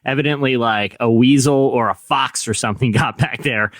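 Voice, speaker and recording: A male podcast host tells a playful, joking story at a middle pitch. His voice is close and dry, with no room sound. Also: normal speed, fairly bright tone, no echo. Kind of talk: casual chat.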